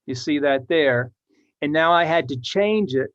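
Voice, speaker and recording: A man's voice: a little high, a little slow. A man, a children's author, presenting his book with enthusiasm and reading verses aloud in a rhythmic way. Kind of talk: book talk to readers. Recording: dull lo-fi audio.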